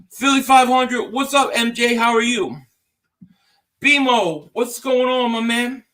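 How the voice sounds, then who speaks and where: A man hosting a live sports call-in stream, talking casually and excitedly with frequent repeated words. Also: sits high.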